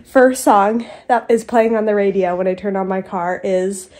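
A woman in her thirties chatting excitedly to viewers in a casual vlog. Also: medium pitch, moderate pace. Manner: bubbly, excited, talks straight to viewers. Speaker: vlogger. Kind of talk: casual vlog chat to camera.

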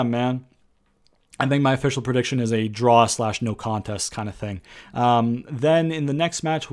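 A man giving a casual, rambling spoken commentary as a wrestling predictions vlogger, blunt and profane, with sarcastic jabs and frequent restarts. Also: a little high.

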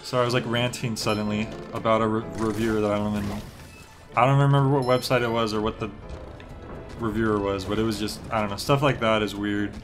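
A man's voice: fairly low pitch, fairly even intonation, fast talker, over music. A young man chatting casually while streaming a game, rambling with lots of filler words. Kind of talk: relaxed gameplay stream chat.

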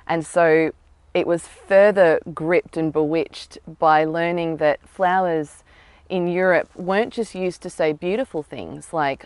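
A woman author speaks in a low, smooth and resonant voice. She talks thoughtfully and earnestly, with the odd filler. Her voice sounds dry and close, with no room around it. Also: unhurried, a little mellow, no room sound. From Australia. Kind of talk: talking to camera about her novel. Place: outdoors in botanical gardens.

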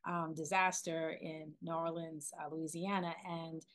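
A woman in her forties from Philadelphia, a documentary filmmaker being interviewed, talking in an animated way with many restarts and fillers. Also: low-pitched, unhurried. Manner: animated, lots of restarts and "you know". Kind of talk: casual interview storytelling.

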